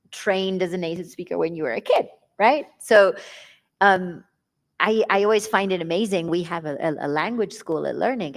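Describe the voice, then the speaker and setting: A woman who grew up in England hosting a live podcast conversation, talking quickly and laughing often. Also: fairly low pitch. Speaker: podcast host.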